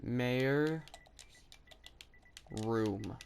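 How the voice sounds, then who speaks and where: A woman giving chatty, rambling commentary over her own gameplay, thinking aloud with lots of fillers and sudden bursts of excitement. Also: rumbling low, very slow, vocal fry, slight background noise. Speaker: gaming video creator.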